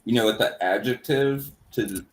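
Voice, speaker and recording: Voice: mid-range voice, moderate pace, reverberant. A co-host in casual chat, giving short agreeing replies and small asides.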